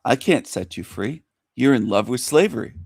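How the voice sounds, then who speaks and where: A man's voice: mid-range voice, lively intonation, moderate pace, creaky, a little mellow, husky, dry recording, studio quality. A male radio host delivering a scornful, mocking monologue to his listeners. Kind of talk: ranting monologue commentary.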